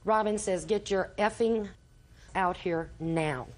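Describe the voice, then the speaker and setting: A woman's voice: mid-range voice, slow, a little mellow. An older woman, a grandmother testifying as a litigant in a TV courtroom, telling her story at length and acting out everyone's quoted lines.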